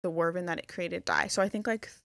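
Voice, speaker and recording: A young woman co-hosting a podcast casually retells a story, rambling and sprinkling in lots of "like." Her voice is on the low side, creaky and a bit bright, steady in tone and quick in pace, recorded cleanly in a studio with no room sound.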